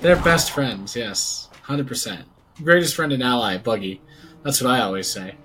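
A man's voice: medium pitch, normal speed, bright, forceful tone. A man co-hosting a podcast, joking and swearing playfully while watching a series. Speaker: podcast co-host. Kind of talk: casual reaction chat. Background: show audio with music.

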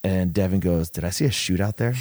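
Man, low voice, rambling profane storyteller, dry close mic. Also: darkish tone, no room sound. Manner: rambling, profane, many restarts. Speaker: wrestler telling a story. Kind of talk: casual podcast storytelling.

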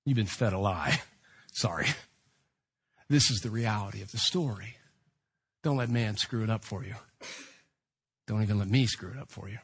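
A man preaching an animated sermon, acting out the shouting beggar and the crowd. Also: lowish voice, normal speed, pauses often, slightly rough. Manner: dramatic, acts out the shouting beggar.

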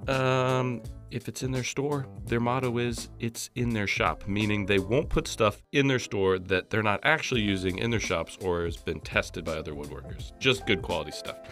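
A man's voice: fairly low pitch, moderate pace, hardly any pauses, a bit bright, soft background music. A man co-hosting a podcast, reading an ad in a chatty way and poking fun at himself. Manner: chatty, self-mocking. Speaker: podcast co-host. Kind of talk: casual chat and ad read.

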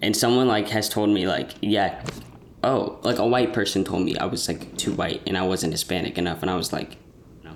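A man's voice: sits low, fairly even intonation, fairly quick, slight background noise. A young man chatting casually as a podcast host, rambling with lots of restarts and fillers. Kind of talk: casual chat.

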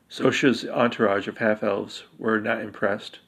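A man reading a dark fantasy story aloud, steady, with occasional slips he corrects. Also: mid-range voice, unhurried, gravelly. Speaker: narrator.

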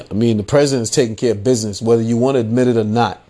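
A podcast host talks fast in a medium-pitched, darkish voice with fairly even intonation. His casual political rant is loaded with swearing and repeated "you know what I'm saying," and he mocks the people he quotes while laughing at his own points.

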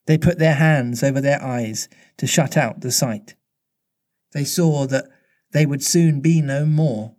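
A man reading a children's storybook aloud in a measured way, slowing down at tense moments. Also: mid-range voice, darkish tone.

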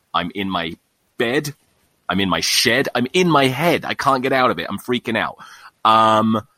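A man's voice: fairly low pitch, pushed and bright, no echo. A man hosting his own solo podcast, ranting with profanity and self-mocking humor. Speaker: podcast host.

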